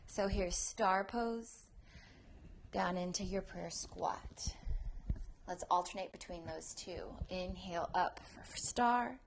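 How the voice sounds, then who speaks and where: A woman's voice: mid-range voice, slight background noise. A woman teaching a prenatal yoga class, cueing breaths, counting down pulses and encouraging her students. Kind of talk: guided yoga class instruction.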